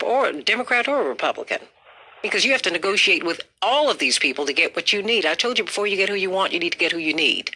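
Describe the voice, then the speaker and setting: A woman's voice: medium pitch, bright, forceful tone. A woman hosting a call-in talk show, speaking firmly and emphatically. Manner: firm, emphatic, repeats names to cut in.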